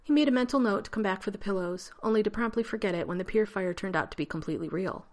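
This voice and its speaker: An audiobook reader, a woman with a mid-range voice, reads a story aloud in steady, measured narration.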